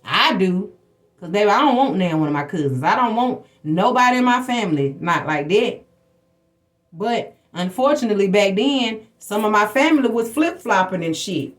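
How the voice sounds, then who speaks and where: A woman's voice: medium pitch, expressive, normal speed. A woman hosting a spiritual livestream, telling personal stories in a blunt, profane, preachy way. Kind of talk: casual spiritual talk to viewers.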